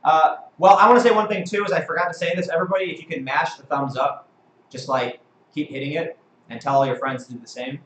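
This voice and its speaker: A man hosts a live-stream debate and talks quickly and emphatically, with plenty of profanity. His voice sits slightly high. The room is echoey and has a faint background hiss. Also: fairly even intonation, fairly bright tone. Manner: fast, emphatic and profane, reads viewer comments. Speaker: host.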